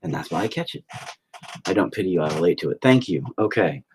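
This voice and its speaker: A man's voice: deep voice, lively intonation, quick pace, a little hiss or hum. A man chatting casually on a phone livestream from home, rambling and swearing freely as he tells stories. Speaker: livestreaming painter.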